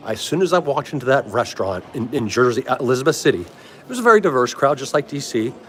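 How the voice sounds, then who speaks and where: A man's voice: mid-range voice, big pitch swings, quick pace, fairly bright tone, slight background noise. A middle-aged man with a DC accent, chatting casually on a livestream in a rambling way, laughing often and answering viewer comments. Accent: DC area. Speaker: livestream host.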